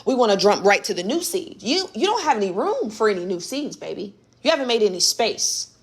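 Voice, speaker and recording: A woman's voice: mid-range voice, big pitch swings, fairly quick, slightly rough. A young adult woman hosting a live spiritual coaching session, speaking in a casual, emphatic way, repeating her points and talking straight to her listeners. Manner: emphatic and conversational, repeats points, addresses listeners as baby and y'all. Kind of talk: casual motivational teaching on a livestream. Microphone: phone or webcam on a live stream.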